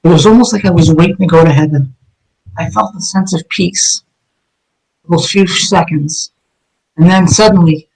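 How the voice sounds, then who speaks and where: A man's voice: fairly high pitch, poor audio. Intense, profane man. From Northeast US. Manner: blunt, profane, intense storytelling. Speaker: guest. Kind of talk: emotional first-person account.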